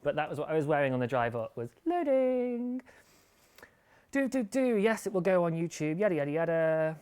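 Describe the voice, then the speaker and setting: A man's voice: fairly high pitch, steady tone, racing, a little mellow, smooth. A man hosting a live podcast stream, chatting casually in a rambling, playful way and laughing often. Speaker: podcast host.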